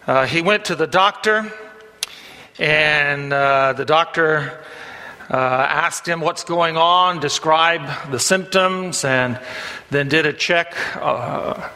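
A man's voice: on the high side, slow, pushed and bright, big-room sound. A male pastor preaching a sermon in a church, telling a folksy story with frequent "uh" fillers before turning to scripture.

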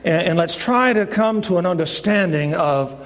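Speaking at a normal speed in a high, fairly bright, animated voice, a pastor preaches a folksy sermon that includes a joke. He performs the voices in it, and the church hall's long reverb trails his words.

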